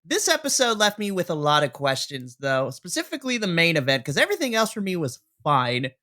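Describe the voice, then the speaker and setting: A man co-hosting a wrestling review podcast, talking casually in a relaxed, joking and measured way. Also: fairly high pitch. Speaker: podcast co-host.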